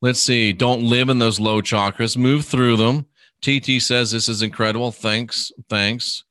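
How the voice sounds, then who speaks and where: Bright, dry-voiced male podcast host. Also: mid-range voice, steady tone, no room sound. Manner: unhurried, conversational, answers viewer questions aloud, drifting quiet at phrase ends. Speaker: podcast host reading live comments. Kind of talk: casual live podcast chat.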